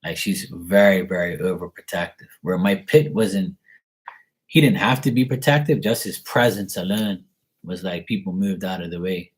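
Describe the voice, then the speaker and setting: A man's voice: sits low, moderate pace, husky. A man, a tarot reader, chatting casually and candidly with his live-stream viewers in a rambling, laid-back way.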